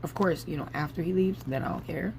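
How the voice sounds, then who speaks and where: A woman's voice: fairly low pitch, a little fast, creaky, noisy background. A woman in her forties venting to her camera, angry, tired and swearing freely. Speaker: vlogger.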